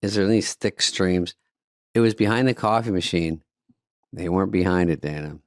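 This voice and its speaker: A man in his fifties co-hosting a podcast, telling stories in a dry, deadpan comedic way. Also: low voice, moderate pace, no room sound. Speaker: podcast co-host. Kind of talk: casual comedic chat.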